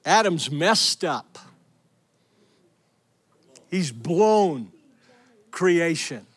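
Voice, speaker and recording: A man's voice: fairly high pitch, drawn-out words, slightly rough. A middle-aged male pastor preaching a sermon, telling stories with energy and calling out to the congregation. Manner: energetic storytelling, calls out to the congregation.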